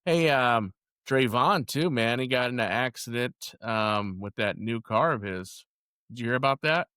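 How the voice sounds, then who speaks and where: A man's voice: medium pitch, moderate pace, sharp tone, smooth, dry recording, clean studio sound. A man co-hosting a podcast, trading crude, laughing banter in casual chat. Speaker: podcast co-host.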